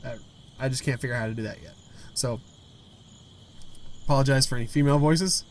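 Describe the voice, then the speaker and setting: A man's voice: medium pitch, brisk. A man hosting a gaming video, reading a story game aloud with stumbles, restarts and side comments.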